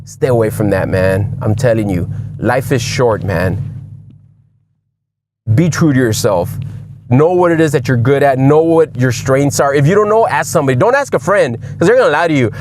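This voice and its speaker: A man delivers a blunt, preachy motivational monologue, peppering his talk with "man" and "dude." His voice sits a little high for a man. Faint background noise runs under the recording. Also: animated, moderate pace. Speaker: podcast host.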